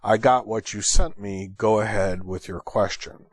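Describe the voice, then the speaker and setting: A man's voice: lowish voice, steady tone, unhurried, no echo. A man voicing an exasperated emergency doctor giving firm orders over the radio.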